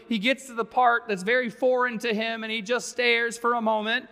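High, bright-voiced man preaching in a sanctuary. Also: level tone, normal speed, vocal fry. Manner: conversational preaching with wry asides. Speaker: pastor. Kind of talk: sermon. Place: church sanctuary. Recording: long reverb of a large sanctuary.

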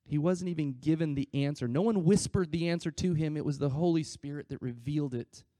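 A man preaching a sermon, acting out scripture quotes in a conversational way and swinging between loud emphasis and quiet asides. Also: fairly high pitch, a little fast, dry recording. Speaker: pastor.

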